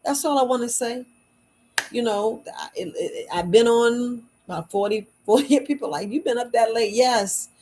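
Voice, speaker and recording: A tired, worn-out woman chatting late at night in a low voice. She talks casually to her viewers as a shop owner, repeating words for emphasis in folksy phrasing. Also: animated, measured pace, a little mellow, slight background noise, low-quality recording. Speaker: herbal shop owner selling wellness patches. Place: at home at night.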